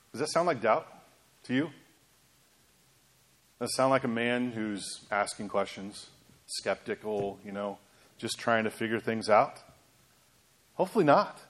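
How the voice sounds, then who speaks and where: A man preaching a sermon in an animated, emphatic way, asking rhetorical questions of his congregation. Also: mid-range voice. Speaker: pastor.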